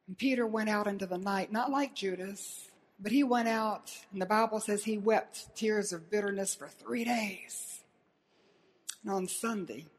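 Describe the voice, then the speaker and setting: A woman preaching a sermon in an earnest way, asking her listeners pointed questions and retelling scenes dramatically. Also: medium pitch.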